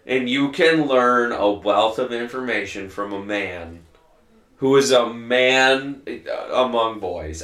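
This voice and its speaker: A man hosting a farming podcast, telling stories in a casual, swear-heavy way. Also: medium pitch. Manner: profane, animated storyteller. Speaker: podcast host and farmer. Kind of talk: casual storytelling chat. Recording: roomy echo.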